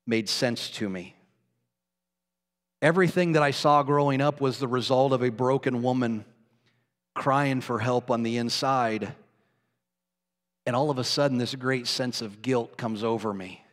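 A man preaching a sermon, telling a personal story with strong emotion and often dropping to hushed tones. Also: medium pitch, normal speed, long pauses. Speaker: pastor. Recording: long hall reverb.

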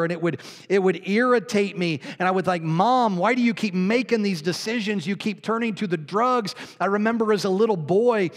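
Guy preaching in a big echoey church, higher voice, gets real quiet and emotional. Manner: emotional storytelling, dropping to hushed tones. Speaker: pastor. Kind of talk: sermon. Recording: long hall reverb.

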